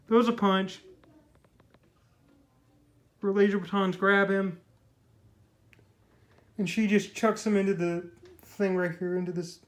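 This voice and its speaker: A man's voice: high-pitched, poor audio. A man giving a casual comic book review, rambling and full of fillers as he retells the scenes and paraphrases what the characters say. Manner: rambling, filler-heavy, paraphrases the dialogue loosely.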